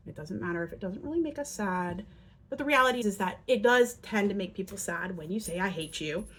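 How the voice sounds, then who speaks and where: Female parenting educator, mid-pitch, a bit husky, earnest teaching delivery. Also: fairly quick. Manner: earnest, acts out quotes in lively voices. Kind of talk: instructional talk to parents.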